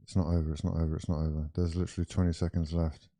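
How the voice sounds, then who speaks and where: A young man with a lowish, mellow voice reacts to a football match as it plays, calling out and chatting straight to his viewers. His tone swings quickly into excitement, and he talks in loose, casual bursts. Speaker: watch-along streamer. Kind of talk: live football watch-along commentary.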